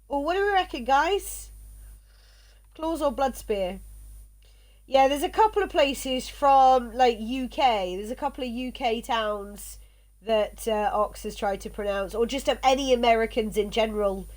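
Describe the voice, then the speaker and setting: A woman with a Somerset accent and a slight lisp on her S sounds, chatting casually and rambling while streaming a game. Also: on the high side. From South West England. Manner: chatty, rambling, laughs often. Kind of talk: casual chat while gaming.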